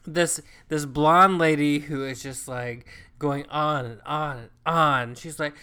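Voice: mid-range voice, slow pace, pushed and bright, clean tone. A co-host telling a travel story in casual chat, swearing freely and acting out what people said. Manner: profane, chatty, acts out quoted lines.

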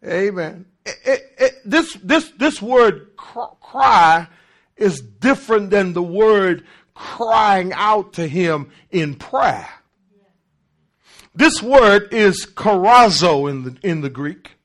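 High-pitched preacher man, slow and animated. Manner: emphatic, swings from loud shouts to low murmurs; repeats and restarts words for emphasis. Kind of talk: call-and-response sermon.

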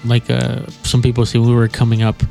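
A gravelly-voiced man rambles in a relaxed, profane podcast chat, often stopping to ask "you know what I mean." His pitch is ordinary for a man, and faint music plays underneath. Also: a little fast. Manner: laid-back, profane, slangy, keeps asking "you know what I mean". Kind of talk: casual chat.

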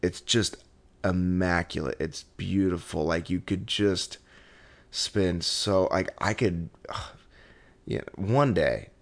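A man's voice: sits low, slow pace. A man telling a story in a casual, rambling way, with lots of fillers and laughter. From Southern California.

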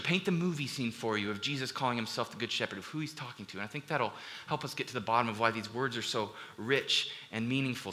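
A male pastor delivers a sermon in a very bright, ringing voice. He moves between earnest, building emphasis and easy asides to the congregation, at a middle pitch. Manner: earnest preaching that builds to emphatic, rising passages. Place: church hall with a congregation.

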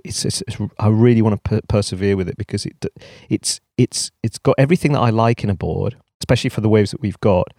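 A man's voice: fairly low pitch, a little mellow, dry recording, clean studio sound. A man co-hosting a podcast in casual chat, thinking aloud in a reflective way. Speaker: podcast co-host.

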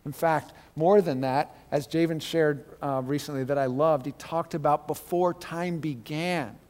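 A man's voice: fairly high pitch, steady tone, measured pace, darkish tone, big-room sound. A man teaching a Bible class in a conversational, digressive sermon style with joking asides.

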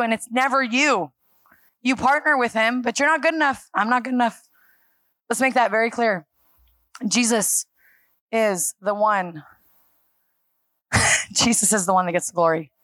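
Woman preaching on a handheld mic, kinda high voice, chatty and jokey, super dry sound. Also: moderate pace, pauses often, no echo. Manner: lively, self-deprecating, acts out talks with God. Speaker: church speaker. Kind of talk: conversational sermon. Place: church stage. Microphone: handheld microphone.

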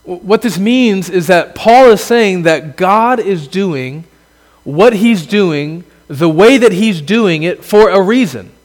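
A man preaching a sermon as a pastor, earnest, building to emphatic exclamations and then dropping low. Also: animated, slow pace, big-room sound.

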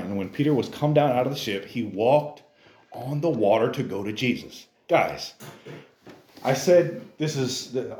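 A man preaching a casual, animated sermon in church, acting out characters in exaggerated voices and using youthful slang. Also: mid-range voice, roomy sound. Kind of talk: lively sermon.

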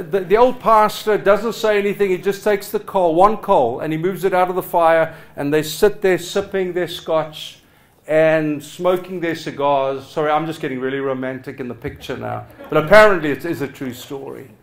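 A man's voice: on the high side, moderate pace. Passionate man preaching a sermon. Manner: passionate, swinging from loud urging to hushed. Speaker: pastor. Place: church hall with a congregation.

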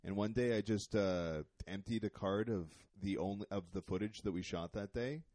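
A young comedian with a warm, mellow voice trades self-deprecating stories and laughs easily. It is casual podcast chat with a dry, close sound. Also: male voice, fairly low pitch, moderate pace, no room sound. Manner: laid-back, self-deprecating, laughs often.

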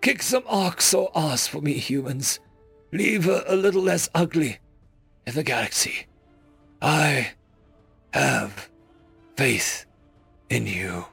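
Guy putting on a dying alien envoy, raised pitch, pained and halting, gravelly edge, audiobook. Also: expressive, no room sound, faint music behind. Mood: pained farewell. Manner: halting, pleading delivery. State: weak and pained, coughing. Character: dying male alien diplomat, frail, brave.

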